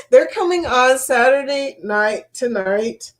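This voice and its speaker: A woman chats casually on a live stream. She speaks at an unhurried, easy pace, greeting viewers one by one and breaking into giggles often. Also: mid-range voice. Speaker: livestream host. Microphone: laptop mic.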